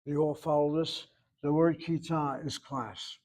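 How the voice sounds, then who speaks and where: An older man teaching a Hebrew class, explaining grammar patiently and step by step, repeating words slowly. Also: fairly high pitch, fairly even intonation, darkish tone.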